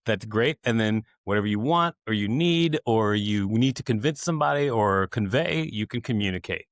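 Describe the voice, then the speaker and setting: Male comedian guest, mid-pitched and animated, acts out the people he quotes, dry close sound. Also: no room sound. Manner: animated storyteller who acts out quoted voices and laughs often. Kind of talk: conversational storytelling interview.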